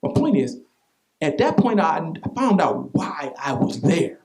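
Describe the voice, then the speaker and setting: A man preaching a sermon as pastor, telling a personal story in an animated, repetitive way with vernacular asides. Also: fairly high pitch, a little slow, soft background music.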